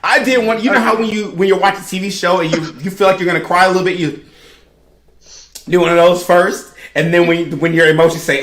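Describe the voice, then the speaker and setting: A woman on a podcast panel, telling her story in an animated, emphatic way in casual chat. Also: fairly low pitch, fast, roomy sound. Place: podcast studio room.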